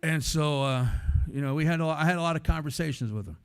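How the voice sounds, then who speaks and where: A man from San Antonio with a fairly high voice gives a guest sermon as a string of stories. He talks in an animated, chatty way and slips into the voices of the people he describes. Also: fast, clear, resonant tone. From San Antonio, Texas. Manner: animated, conversational storytelling that acts out the voices in it. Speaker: guest speaker, former radio host. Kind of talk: storytelling sermon talk.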